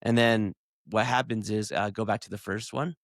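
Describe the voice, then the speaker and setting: A man's voice: fairly low pitch, steady tone, normal speed, a little hiss or hum. A man co-hosting a podcast in laid-back casual chat, retelling clips. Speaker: podcast co-host.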